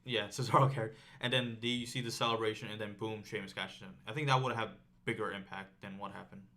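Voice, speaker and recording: Co-hosting a casual podcast chat, a man with a fairly low voice talks at a quick pace. He's animated and emphatic as he argues his points, using "like" constantly.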